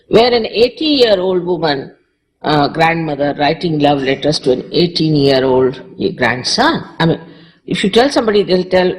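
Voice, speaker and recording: A woman's voice: fairly low pitch, low-quality recording. A woman from India with an Indian accent, speaking as a spiritual teacher in a public lecture, conversational and repeating short phrases for emphasis.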